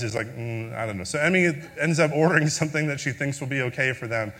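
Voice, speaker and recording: A man's voice: medium pitch, lively intonation, fast, hardly any pauses, pushed and bright, in a large hall. A man preaching a sermon as a pastor, telling a story in a conversational way with filler words, then leading a prayer.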